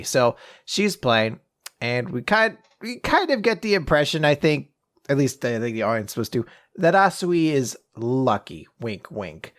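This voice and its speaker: A man's voice: mid-range voice, very animated, normal speed, fairly bright tone. A man hosting a podcast, casually recapping comics, swearing and jumping into quoted voices. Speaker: podcast host.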